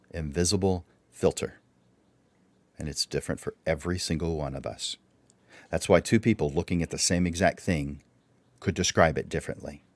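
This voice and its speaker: Low-voiced man teaching a workshop. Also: dry recording. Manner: instructive, poses many rhetorical questions. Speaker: workshop presenter. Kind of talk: livestreamed speaking workshop.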